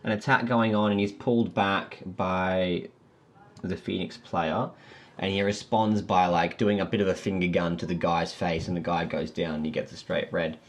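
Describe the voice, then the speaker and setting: A man's voice: low-pitched, flat delivery, moderate pace. A man hosting a casual sports podcast, chatty and full of questions. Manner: chatty, laughing, asks questions. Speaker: podcast host.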